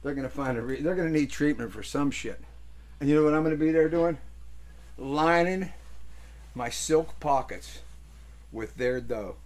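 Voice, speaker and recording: An older man hosting a casual show, telling rambling stories and breaking into loud voices for the people in them. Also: a little high, moderate pace, pauses often. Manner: rambling, animated storyteller, swings into loud character voices. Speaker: host. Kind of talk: casual storytelling chat.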